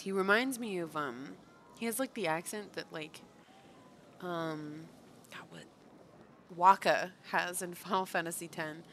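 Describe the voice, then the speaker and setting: A woman's voice: lowish voice, moderate pace, pushed and bright, slight background noise. A woman streaming a fantasy role-playing game live, chatting and reacting aloud as she plays. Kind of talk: live let's-play commentary.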